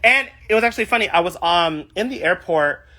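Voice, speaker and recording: A man's voice: high-pitched, animated, a little fast, pushed and bright. A young man from California, a drag performer, chatting casually on a livestream and reading viewer comments aloud.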